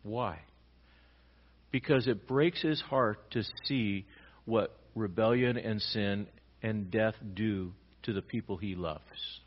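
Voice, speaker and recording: A man pastor preaching a sermon, swinging between loud emphatic lines and quiet low ones. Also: takes it slowly, highs cut off.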